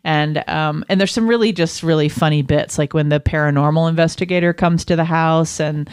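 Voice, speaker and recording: A woman co-hosting a casual movie review chat, relaxed and conversational with frequent fillers. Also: sits low, fairly quick, smooth, dry recording, studio quality.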